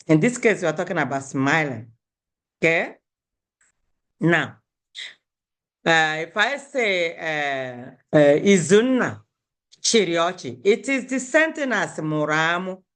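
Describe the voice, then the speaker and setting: Slow, patient woman teaching words. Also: sits low, fairly bright tone. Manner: slow, patient, repeats words and breaks them into syllables. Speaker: language teacher. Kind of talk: beginner language lesson.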